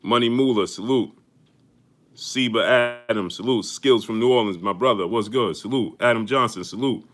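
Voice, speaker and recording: A man hosting a live boxing stream, greeting his viewers one by one in energetic slang. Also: fairly low pitch, normal speed. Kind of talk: casual live-stream shout-outs.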